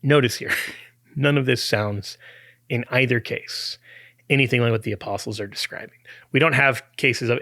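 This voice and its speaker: A man's voice: medium pitch, normal speed, pushed and bright, no room sound, clean studio sound. A man hosting a talk podcast, explaining an argument in a conversational way with restarts and small chuckles. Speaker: podcast host. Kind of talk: apologetics talk.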